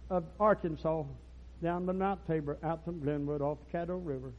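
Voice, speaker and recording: An older man preaching a rural revival sermon, telling folksy stories and breaking into loud preaching bursts. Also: on the high side, steady tone, moderate pace. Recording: dull lo-fi church recording.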